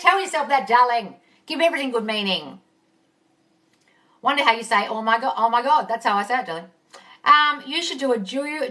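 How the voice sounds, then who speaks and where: She's a manifesting coach doing a phone live stream, reading viewers' questions out loud and replying in a blunt, casual way, full of swearing and "darling." Her voice runs on the high side, pushed and bright, and she is far from the mic.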